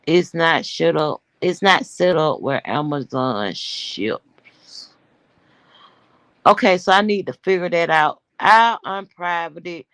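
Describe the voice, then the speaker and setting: A woman's voice: on the low side, takes it slowly, a bit bright, no echo. A woman hosting a livestream, brash and profane, talking straight to her chat and sounding winded and worn-voiced. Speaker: livestream host.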